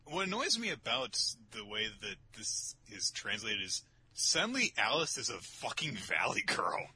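A man casually recapping a manga chapter on a podcast, animated and sweary, often jumping into high mocking voices for the characters. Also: measured pace, slight background noise. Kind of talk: casual chat.

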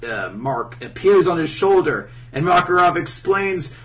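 A man's voice: sits high, measured pace, hardly any pauses, far from the mic, a little hiss or hum. A man casually recapping an episode on a podcast, swearing a lot and mocking the characters' lines. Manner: profane, animated, mocking character voices. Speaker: podcast co-host. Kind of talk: casual chat recapping an anime.

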